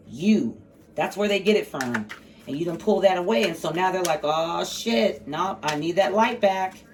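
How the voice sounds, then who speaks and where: Tarot reader, woman, brassy and profane, mid-pitched voice, mic a bit distant with faint hiss. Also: darkish tone. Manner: blunt, profane, sassy asides. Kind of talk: casual tarot reading to camera. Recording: slightly distant mic, faint background noise.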